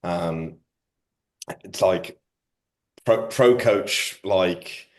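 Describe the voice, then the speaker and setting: Lowish-voiced guy hosting a podcast, slangy jokey banter. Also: very slow. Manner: banter-heavy, slangy, joking. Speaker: podcast host. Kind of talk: casual chat.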